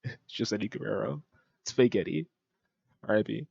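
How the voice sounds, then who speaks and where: A man's voice: lowish voice, moderate pace, vocal fry, pauses often, a little mellow, breathy edge, no room sound, dull audio. A man streaming a casual reaction commentary, rambling and joking with mock-French asides. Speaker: streamer reacting to a cooking video.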